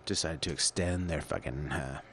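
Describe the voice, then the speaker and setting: A man's voice: rumbling low, normal speed, a bit bright, slight background noise. A man hosting his own show, rambling through a crude, profane, absurd monologue into a computer call setup. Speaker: solo show host.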